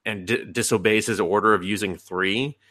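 A man co-hosting a podcast, recapping a show in loose, profane chat and jumping into quick voices for the characters. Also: fairly low pitch, fairly even intonation, pushed and bright, no room sound, studio quality. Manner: profane, rambling, acts out quotes in sudden voices. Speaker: podcast co-host. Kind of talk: casual anime recap chat.

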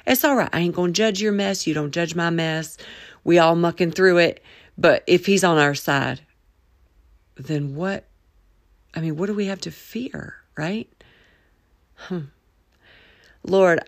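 A woman hosting a faith-based solo podcast, talking in a folksy, preachy way with drawn-out emphatic phrases and a playful Southern drawl. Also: lowish voice, no room sound, studio quality. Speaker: podcast host.

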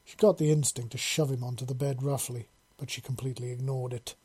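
A man narrating a storybook chapter in a calm, unhurried, even way. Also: mid-range voice, husky. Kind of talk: storybook reading.

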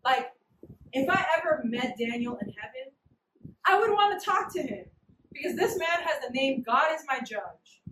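High-voiced animated woman preaching. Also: moderate pace, slight background noise. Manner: animated, slangy, acts out little scenes. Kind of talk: casual, humorous sermon. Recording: echoey room, mic at a distance.

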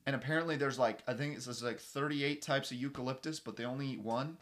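A man in his late twenties co-hosting a podcast, chatting casually in an animated, teasing, joking way. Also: mid-range voice, fast. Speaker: podcast co-host. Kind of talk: casual chat.

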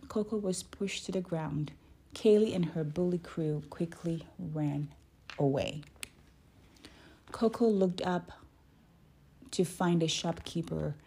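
A woman reading a children's book aloud, careful and gentle, stopping to correct her own slips. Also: deep voice, steady tone, unhurried, creaky, slightly rough. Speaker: reader.

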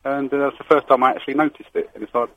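Hesitant husky-voiced male caller. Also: medium pitch, steady tone, racing, dry recording, dull audio. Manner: hesitant, lots of ums, sheepish laughing. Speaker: radio caller. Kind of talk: phone-in call.

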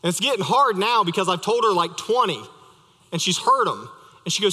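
A man's voice: high-pitched, animated, brisk, bright, forceful tone. A young adult male pastor preaching a sermon, conversational and storytelling with light humor, in a church sanctuary. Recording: reverberant church hall.

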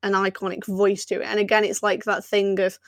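A woman's voice: medium pitch, level tone, brisk, dry recording. Woman chatting on a podcast, laughs a lot, dry close sound. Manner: chatty, laughing often, lots of fillers. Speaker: podcast co-host. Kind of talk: casual chat.

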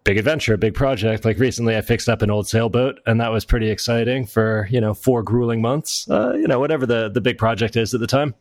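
A man's voice: medium pitch, fast talker, hardly any pauses, no echo. A middle-aged American man from Florida, a guest talking casually and self-deprecatingly in an interview, often restarting his sentences. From United States (Florida). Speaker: guest, author and entrepreneur.

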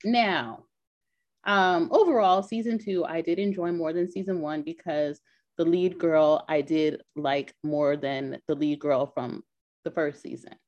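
A woman co-hosting a podcast in casual chat, talkative and quick to laugh, with lots of filler words. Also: deep voice, darkish tone. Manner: chatty, laughs often, many "like" fillers. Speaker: podcast co-host. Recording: dull lo-fi sound.

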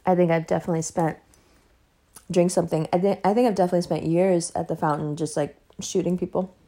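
A woman's voice: fairly low pitch, fairly even intonation, quick pace, mellow. A woman hosting a podcast in a casual, rambling monologue, blunt and emphatic, swearing heavily. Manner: loose, rambling asides. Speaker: podcast host.

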